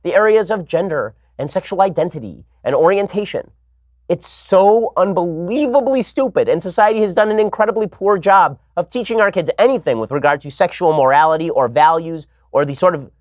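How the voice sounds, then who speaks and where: A man talking quickly and sardonically as a talk show host, voice pitched a little high for a man. The sound is close and dry, with no room echo. He piles up arguments and throws in mocking asides. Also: lively intonation. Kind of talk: fast opinionated monologue with sarcasm.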